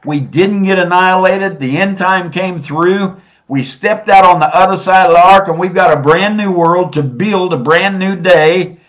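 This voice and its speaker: A man preaching a sermon, swinging between soft and loud and stretching out phrases for emphasis. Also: sits high, moderate pace.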